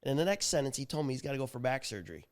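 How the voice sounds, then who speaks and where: A man's voice: medium pitch, racing, darkish tone, smooth. A man chatting on a podcast with a mid-range voice. He talks up his tools with a salesman's enthusiasm and tells customer stories. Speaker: tool company representative. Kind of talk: casual podcast chat.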